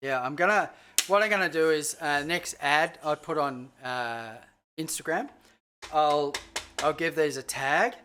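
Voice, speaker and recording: Chef host, casual livestream cooking chat, rambling, a bit sweary, middle-pitched voice. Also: measured pace, bright, forceful tone, a little hiss or hum. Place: home kitchen.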